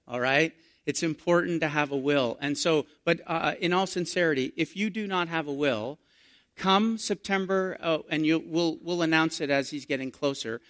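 A middle-aged man, a pastor telling stories in an animated sermon. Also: a little high, normal speed. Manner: storytelling, animated, rising to excited emphasis.

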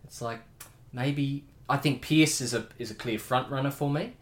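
A man's voice: mid-range voice, normal speed. A man co-hosting a podcast in casual chat, telling stories in a theatrical, mock-dramatic way. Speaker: podcast co-host. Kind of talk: casual chat with comic storytelling.

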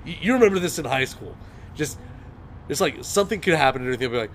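A man's voice: a little high, animated, rapid-fire, a bit bright. Young man rambling through a story. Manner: rambling storyteller, leans on "and everything". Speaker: podcast host. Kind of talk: casual chat.

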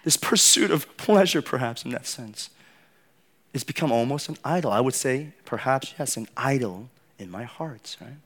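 A man's voice: mid-range voice, expressive, moderate pace, a bit bright. A male pastor giving a conversational sermon, often checking in with the congregation by asking "right?" and saying "you know".

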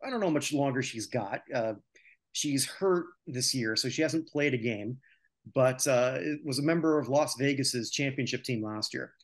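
A man's voice: medium pitch, normal speed. A man from North America hosting a sports podcast, talking casually and with strong opinions. He rambles and rants, with frequent filler sounds between his points. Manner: opinionated, ranting, many filler "uh"s. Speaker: podcast host.

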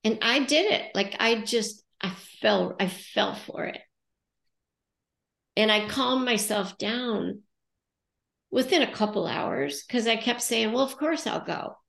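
Slow-spoken gravelly American woman coach. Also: fairly high pitch, animated, a bit bright, echoey room. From United States. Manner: thoughtful, acts out her own inner dialogue. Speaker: coach and podcast co-host. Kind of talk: reflective casual podcast talk.

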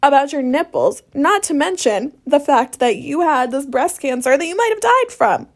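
High-voiced, gravelly young woman ranting. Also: lively intonation, moderate pace. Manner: profane, sarcastic, rant-like. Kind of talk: casual storytelling monologue.

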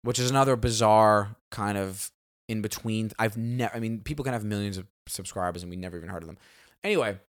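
A man's voice: lowish voice, quick pace. A man co-hosting a podcast in casual chat, rambling and emphatic, swearing freely. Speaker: podcast co-host.

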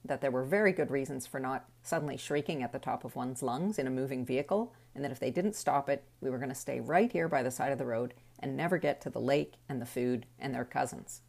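A woman's voice: a bass voice, fast, gravelly, hardly any pauses, darkish tone. A middle-aged woman telling a personal story in a wry, reflective way.

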